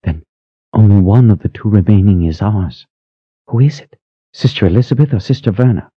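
A man voicing a frightened young woman who pleads in a high, breathless voice. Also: normal speed, husky, no room sound. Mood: eager. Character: frightened young woman, nervous, eager to please. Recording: slightly muffled dry recording.

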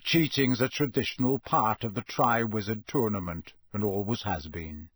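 A man voicing a gruff, blunt old male wizard in an audiobook reading, growling his lines in a husky voice. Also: lowish voice, moderate pace, a bit bright, no room sound.

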